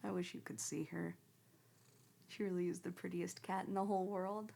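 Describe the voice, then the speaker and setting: A woman's voice: fairly low pitch, level tone, moderate pace, gravelly, mellow. A young woman streamer chatting casually with her viewers and cooing baby-talk at her cat.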